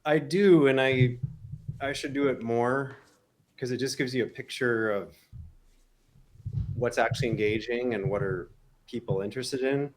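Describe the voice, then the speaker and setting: A man's voice: mid-range voice, fairly even intonation, moderate pace, pauses often. A man, a YouTube creator, chatting as a guest in a casual podcast interview, easygoing and fond of telling stories. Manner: easygoing, storytelling, laughs along.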